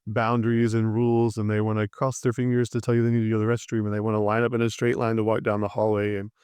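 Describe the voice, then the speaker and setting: A man who teaches theater, talking as a podcast guest and telling animated stories in which he acts out the people he quotes. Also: lowish voice, fast talker, clean tone, no room sound. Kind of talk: casual storytelling conversation.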